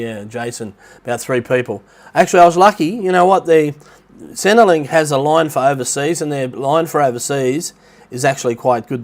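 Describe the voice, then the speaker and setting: Nasal, rambling Australian man. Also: medium pitch. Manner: rambling, chatty, greets viewers by name. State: blocked nose, sounds nasal. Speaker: livestream host. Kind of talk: casual livestream chat. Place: rented apartment near the beach in Thailand.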